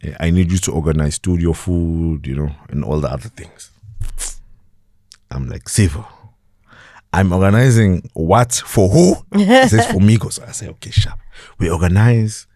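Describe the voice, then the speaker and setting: South African man telling animated stories. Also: low voice, moderate pace, no echo, clean studio sound. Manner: animated, acts out quoted voices, laughs often. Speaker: podcast guest. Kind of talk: casual storytelling interview.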